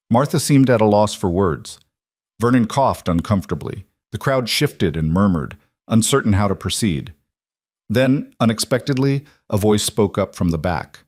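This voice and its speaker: Low-voiced male storyteller, dry sound. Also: darkish tone, no room sound. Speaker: narrator. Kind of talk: scripted storybook narration.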